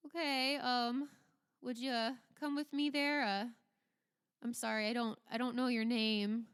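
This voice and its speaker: A woman's voice: on the high side, steady tone, unhurried, a bit bright, clean tone, long reverb tail, pitched above the performer's own voice. A woman voicing a hesitant, kindly young male guard who stammers and hedges in a tabletop game. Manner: stammering, unsure, full of fillers.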